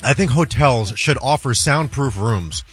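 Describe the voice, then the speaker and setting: A man's voice: medium pitch, lively intonation, measured pace, faint music behind. Sheepish, chuckling male radio co-host. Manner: sheepish, laughing. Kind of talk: morning radio banter.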